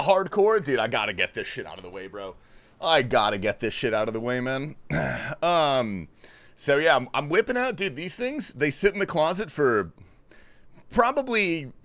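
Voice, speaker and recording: A man livestreaming, talking in a slightly high, sharply bright voice. He chats with his viewers in loose, profane bro-talk, with his pitch jumping around animatedly. The sound is close and dry, with no room around it. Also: dry recording. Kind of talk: casual livestream chat while gaming.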